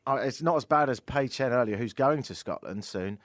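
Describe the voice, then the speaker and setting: Man, radio host, casual studio chat, joking, wry, animated, dry close mic. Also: medium pitch, brisk, no echo. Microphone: studio microphone.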